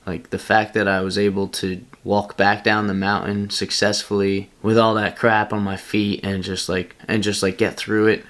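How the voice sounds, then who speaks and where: Young man, low pitch, casual vlog storytelling, rambling, self-mocking. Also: flat delivery, moderate pace, hardly any pauses, fairly bright tone. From Pennsylvania. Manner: rambling, laughs at himself, fillers. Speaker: vlogger.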